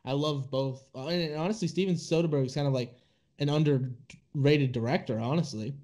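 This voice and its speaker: A man's voice: medium pitch, a little fast, warm tone. A young man co-hosting a film podcast, rambling enthusiastically in casual chat, full of "like" and "dude". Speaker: podcast co-host.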